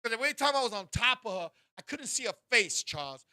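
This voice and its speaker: A man with a very high, piercing voice tells a bawdy story as a show host. He talks in animated bursts, suddenly shouting and turning to his co-host. The sound is dry and close. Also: fast, no room sound. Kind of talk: raunchy comedic storytelling.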